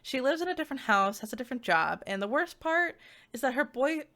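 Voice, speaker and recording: A woman's voice: sits high, very animated, a little fast, bright, forceful tone. A woman giving a casual book review vlog, chatty and giggly, with lots of filler words.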